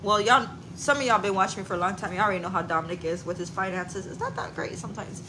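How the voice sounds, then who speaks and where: A woman's voice: mid-range voice, quick pace. A woman in her forties chatting on a live stream as a mother, candid and casual, swearing lightly and laughing often. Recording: noticeable background noise.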